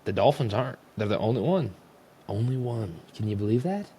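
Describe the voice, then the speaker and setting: Exasperated young man ranting, low voice. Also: expressive, a little fast, warm tone, a little hiss or hum. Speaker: host. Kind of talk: casual sports rant.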